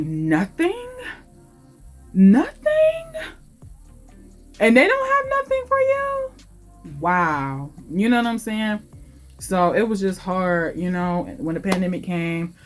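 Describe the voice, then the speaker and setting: A woman in her late twenties giving an emotional, heartfelt life update in her vlog, talking in a casual, confiding way. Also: on the low side. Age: late 20s. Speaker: vlogger.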